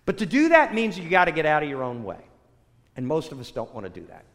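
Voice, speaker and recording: An older pastor preaching in a sermon, his fairly high voice rising and dropping with lots of movement. He tells his story with animated swings between loud bursts and hushed asides. His words ring out with a long reverb, as in a large church hall. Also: quick pace.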